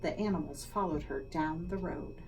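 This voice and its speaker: A woman, a school leader, reading a children's picture book aloud with expressive, dramatic storytelling. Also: deep voice, normal speed. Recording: slightly distant mic, faint noise.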